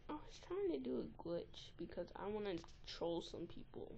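A woman giving casual, excitable and easily exasperated commentary while playing a game, recorded on a tablet's built-in mic. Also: medium pitch, normal speed, vocal fry, dull audio, slight background noise. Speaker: gameplay recorder.

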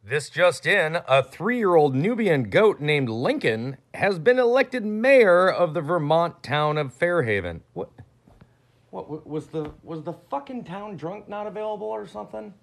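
A man with a gravelly, fairly high voice reads a headline in a mock news style and then rants about it in disbelief. His pitch moves a lot. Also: sing-song, unhurried, hardly any pauses. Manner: incredulous ranting.

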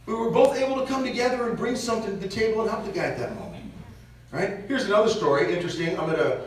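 Animated man telling stories in an echoey church. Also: high voice, fast. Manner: animated storyteller acting out quotes. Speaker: parish mission speaker. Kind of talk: storytelling talk to a church audience. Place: large church. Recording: echoey church, distant mic, faint hiss.

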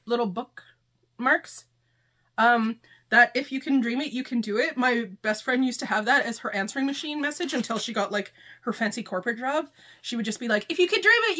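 High-voiced, gushing woman vlogger. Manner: excitable and gushing, often near tears; reads book blurbs aloud. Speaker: channel host. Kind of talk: casual unboxing vlog.

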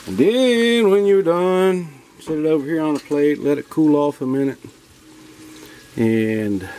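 A man talks his viewers through frying up a batch in a home kitchen, folksy and full of enthusiasm. His voice sits at an ordinary middle pitch. A faint sizzle of frying food runs under his words. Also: dark tone, slight background noise, low-quality recording. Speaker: outdoor cooking channel host. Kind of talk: casual cooking vlog.

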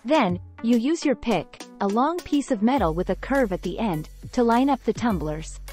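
A woman giving scripted narration of a book summary in an even, measured, explanatory way. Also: a little high, faint music behind.

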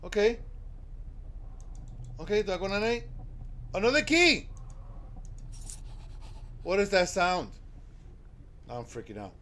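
A man's voice: high voice, big pitch swings, a little slow, long pauses. A man commentating live on a horror game, talking to his chat and yelping at scares. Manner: jumpy, talks to chat, yelps at scares. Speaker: game streamer.

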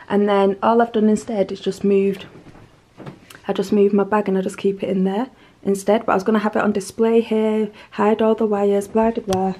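A woman's voice: mid-range voice, flat delivery, moderate pace, warm tone. A woman talking casually to her camera at home, rambling and poking fun at herself as she goes. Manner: rambling, chatty, self-deprecating. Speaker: lifestyle vlogger. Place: at home, indoors. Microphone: handheld camera mic.

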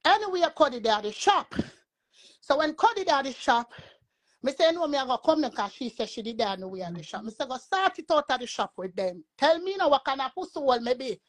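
A woman's voice: sits high, very animated, brisk. A woman with a Jamaican patois accent, telling a long rambling story in a casual live chat. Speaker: storyteller guest.

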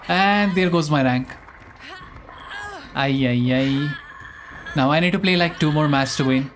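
A young man streaming a game live, chatting in a rambling, excitable way and often mocking his own mistakes. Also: a little high, a little slow, pauses often, over music. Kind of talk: live gameplay commentary.

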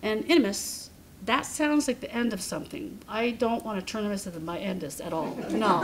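A woman's voice: mid-range voice, a little fast. A woman in her fifties telling her own story to a support group with wry, self-mocking humor. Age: 50s. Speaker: comedian. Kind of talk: personal talk with humor. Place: hospital meeting room.

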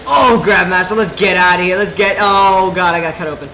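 A young man hosting a let's play, chatting excitedly to viewers as he plays. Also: sits high, fairly quick. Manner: excitable, chatty, talks to the viewers while playing. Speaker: gaming video host. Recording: roomy home recording. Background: faint game music.

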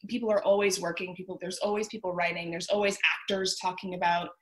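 A woman's voice: fairly low pitch, level tone, quick pace, low-quality recording. A woman filmmaker chatting casually as a podcast guest, talking readily with lots of fillers and easy laughter. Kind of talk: casual interview chat.

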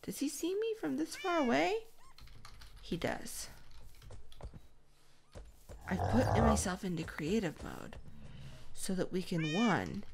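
A woman hosting a gaming channel, giving soft whispered ASMR commentary as she plays and chats to the game's animals. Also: mid-range voice, vocal fry, noisy background. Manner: soft whispering, chatty asides to the game animals.

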